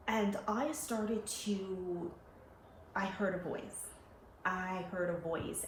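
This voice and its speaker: Young woman telling her own story, animated, lively, roomy echo, faint background hum. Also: fairly low pitch. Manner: animated, laughing, acting out quoted voices. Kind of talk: personal storytelling.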